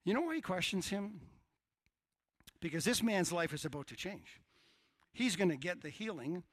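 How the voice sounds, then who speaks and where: A middle-aged male pastor preaching a sermon, swinging from hushed asides to shouted lines. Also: high-pitched, animated, moderate pace, no room sound.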